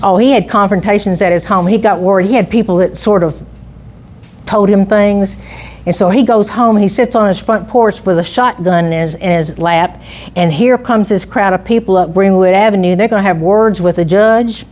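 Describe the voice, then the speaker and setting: A woman's voice: medium pitch, normal speed, a little mellow. Chatty woman telling local history. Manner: chatty storyteller, frequent restarts and asides. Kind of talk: informal public talk.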